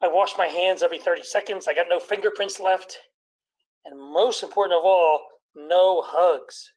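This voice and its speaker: A middle-aged man, a doctor, doing a stand-up comedy routine, telling deadpan jokes and putting on quick voices of patients. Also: high voice, low-quality recording. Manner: deadpan joke delivery with put-on patient voices.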